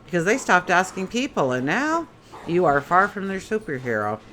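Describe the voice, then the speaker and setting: A woman's voice: on the low side, sing-song, normal speed, a bit bright, a little hiss or hum. A woman giving a casual daily tarot reading in a chatty way, asking many rhetorical questions. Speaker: tarot reader.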